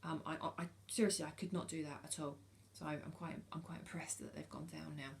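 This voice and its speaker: A British woman in her forties speaks frankly to camera in a low, gravelly voice. She hesitates often, filling gaps with ums and restarting her sentences as she talks. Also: flat delivery, fast talker, slight background noise. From United Kingdom. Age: 40s. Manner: frank and earnest. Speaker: vlogger. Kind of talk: casual talk to camera.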